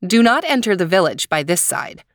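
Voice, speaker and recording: A woman's voice: mid-range voice, big pitch swings, moderate pace, no room sound, studio quality, lightly acted. A woman voicing the chief's young sister, giving an earnest warning in a slightly raised voice. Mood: cautioning.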